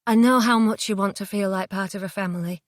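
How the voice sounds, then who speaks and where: A woman reading the lines of a frightened young woman who stays tense and tries to talk gently. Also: medium pitch, fast, no echo, studio quality, close to an everyday voice. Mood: gentle. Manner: tense, pleading, trying to stay calm.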